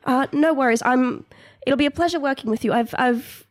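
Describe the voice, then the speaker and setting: A woman's voice: high-pitched, fairly quick, no room sound, studio quality, voice pushed up, natural voice. A woman voicing an earnest, protective mother in a tabletop role-play, stammering and repeating her words. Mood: flustered, polite.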